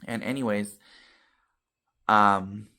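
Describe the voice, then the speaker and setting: A man vlogging casually to his viewers, telling a story with animated swings between loud and soft, tagging lines with "you know" and "okay.". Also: on the low side, very slow. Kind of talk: casual talk to camera.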